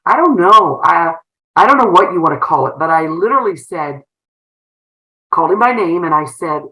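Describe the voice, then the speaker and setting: Low, bright-voiced woman telling her story. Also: poor audio. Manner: earnest, emotional retelling with frequent fillers and restarts. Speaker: guest, former school principal turned entrepreneur. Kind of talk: personal storytelling in an interview.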